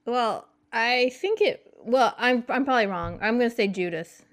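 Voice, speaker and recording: A woman's voice: on the high side, normal speed. A woman in a casual chat, giggling and unsure as she guesses. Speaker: podcast co-host.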